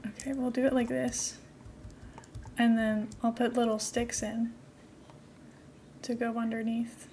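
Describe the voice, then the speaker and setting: Woman streamer, chatty and giggly, a touch high, with light background noise. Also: flat delivery, unhurried, pauses often, warm tone. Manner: chatty, giggly, talks to herself while building. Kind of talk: casual game-stream chat.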